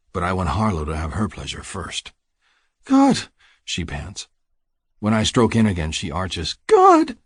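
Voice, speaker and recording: A man narrating an audiobook in the first person, reading in a low, intimate, measured way. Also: breathy edge, no echo, clean studio sound.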